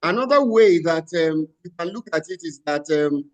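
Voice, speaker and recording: A man on a discussion panel. He speaks in a measured way and pauses on "um". His voice sits high for a man. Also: expressive, muffled recording.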